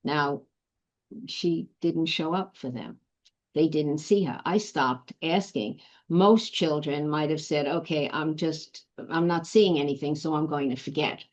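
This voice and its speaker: A woman with a very deep voice, talking reflectively and pausing often as she recalls things. The sound is dull and lo-fi. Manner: reflective, with filler ums. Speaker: guest. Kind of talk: casual conversation.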